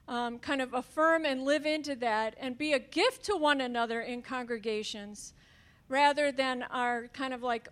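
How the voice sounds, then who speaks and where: Woman minister talking fast and earnest, pretty high voice, some ums. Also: a bit bright, clean tone. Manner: earnest, fast-paced with fillers. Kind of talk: panel talk.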